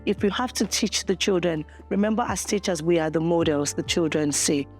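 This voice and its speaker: A woman's voice: fairly low pitch, fairly quick, faint music behind. A Nigerian woman, a student teacher from Nigeria, speaking emphatically in a casual interview and repeating phrases for effect.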